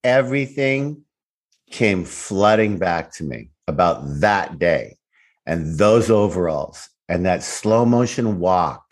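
A man's voice: low voice, animated, slow pace. A man co-hosting a casual chat, laughing often, swearing and joking around. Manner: laughing, jokey, swears, slips into funny voices. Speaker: podcast co-host, former cast member.

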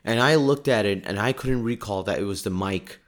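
Male podcaster, somewhat low voice, loose storytelling monologue, pokes fun at himself. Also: fairly quick. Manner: chatty, self-deprecating, laughs often. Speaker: podcast host. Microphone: podcast microphone.

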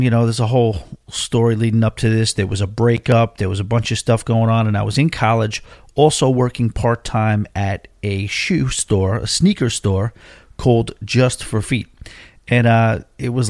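Speaking in a low, slightly mellow voice, a Long Island, New York man in his forties hosts a podcast and rambles casually through a long personal story packed with fillers and asides. The studio sound is clean, without echo.

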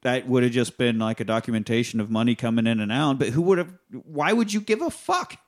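A man's voice: medium pitch, brisk. Profane man retelling a movie. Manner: profane, animated storytelling. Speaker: podcast host. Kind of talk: casual chat.

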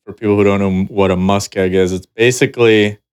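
A man's voice: on the low side, steady tone, a little fast, a little mellow, clear, resonant tone. A man hosting a casual podcast chat, telling a story in a laid-back way.

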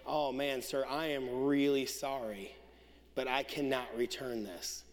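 A man's voice: mid-range voice, steady tone, measured pace, a little hiss or hum, voice pushed down, lightly acted. A man doing an apologetic store clerk woman. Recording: long reverb of a large hall.

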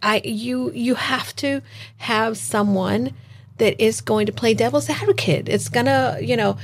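A woman's voice: a little high, measured pace, slight background noise. A woman business coach hosting a casual conversation, talking in an encouraging, reflective way.

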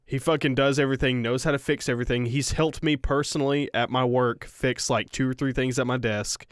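A man's voice: mid-range voice, steady tone, brisk, smooth, no echo, studio quality. A man co-hosting a casual podcast, rambling through an awkward story, swearing and laughing at himself. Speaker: podcast co-host.

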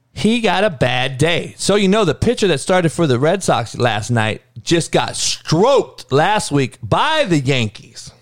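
A man rants about sports on his own show, swearing freely and wandering from point to point. His pitch swings widely as he gets worked up. The sound is dry and close, with no room echo. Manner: profane, heated, rambling, calls listeners dog. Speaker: podcast host. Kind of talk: casual sports rant.

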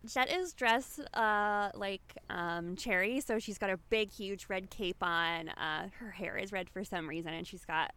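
A woman's voice: mid-range voice, unhurried, hardly any pauses, bright, forceful tone, smooth. A woman player describing her character in a rambling, casual way full of fillers. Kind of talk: casual role-play narration.

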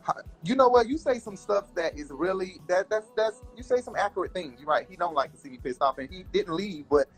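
A man's voice: high-pitched, lively intonation, a little fast, few pauses, breathy edge, faint music behind. Playful man hosting a livestream chat. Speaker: host.

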